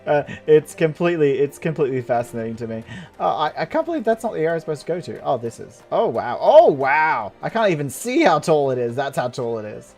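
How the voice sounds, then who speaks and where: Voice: medium pitch, sing-song, a little fast, darkish tone, faint music behind. A game player giving goofy, giggly, rambling casual commentary while playing an online role-playing game. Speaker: let's play gamer.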